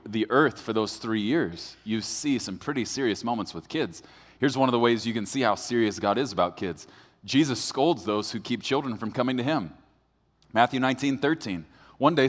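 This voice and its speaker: A man preaching a sermon as pastor, telling a story with jokes and building to serious points. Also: fairly low pitch. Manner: storytelling, animated and joking. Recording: long hall reverb.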